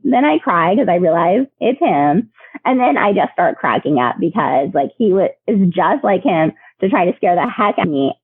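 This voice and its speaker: A woman guest sharing personal stories in a lively, chatty way, with many fillers and laughs, heard over a remote call. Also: medium pitch, slightly rough, no echo. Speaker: podcast guest. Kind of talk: emotional storytelling. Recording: tinny phone line.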